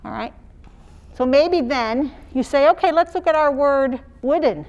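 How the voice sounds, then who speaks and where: Woman, teacher, slow sing-song phonics demonstration, sounds out words for young kids. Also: high voice, darkish tone, muffled recording.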